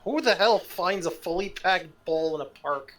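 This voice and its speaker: A man's voice: sits high, moderate pace, a bit bright. A man co-hosting a casual podcast, tossing in blunt, wry comments. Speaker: podcast co-host. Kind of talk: casual chat.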